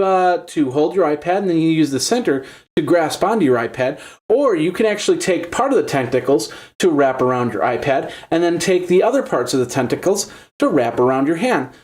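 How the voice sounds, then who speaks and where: A man's voice: fairly high pitch, a little mellow. A man hosting a tech show, giving a chatty, upbeat gadget demo with lots of fillers and restarts.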